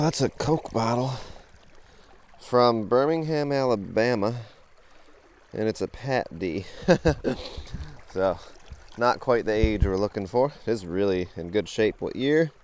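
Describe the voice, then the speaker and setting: A man with a low-leaning, darkish, smooth voice vlogs outdoors while wading a creek to hunt for bottles. He chats casually to a handheld camera, easily delighted and laughing often.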